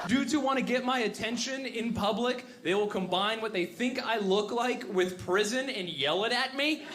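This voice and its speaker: Very high-voiced male comic, dry tales. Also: moderate pace, fairly bright tone. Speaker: stand-up comedian. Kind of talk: stand-up storytelling.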